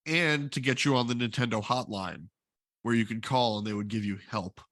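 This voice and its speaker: A man's voice: mid-range voice, moderate pace, a bit bright, dry recording. A man on a gaming podcast, in the middle of his range, trading bits of game history in loose, casual chat. His voice is close and dry, with no room sound. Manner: knowledgeable, explains game history with trivia. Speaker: podcast co-host.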